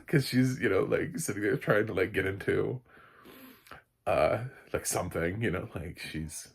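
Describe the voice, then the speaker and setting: Low husky man rambling through a film review. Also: a little slow, long pauses. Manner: rambling, blunt, swears freely, laughs loudly. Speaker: movie reviewer. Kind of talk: casual spoken review.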